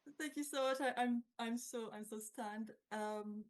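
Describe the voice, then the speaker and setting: A woman's voice: fairly high pitch, a little slow. A woman accepting an award remotely, stumbling over her words and thanking people gratefully. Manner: nervous, stammering, grateful. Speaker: award winner speaking remotely.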